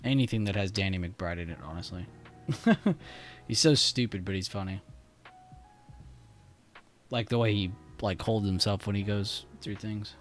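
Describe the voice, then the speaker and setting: A young man talks casually on a live stream, relaxed and slangy, often breaking into laughter. His voice sits a little on the low side. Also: measured pace, pauses often, soft background music. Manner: laid-back, laughing, slangy. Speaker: trading livestream host. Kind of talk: casual chat on a livestream.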